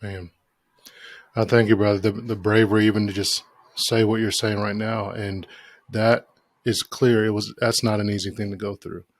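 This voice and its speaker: Podcast host guy, low voice, cheering his guest on, dry close sound. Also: little pitch movement, normal speed, dry recording. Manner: warm and encouraging toward the guest. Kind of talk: interview conversation.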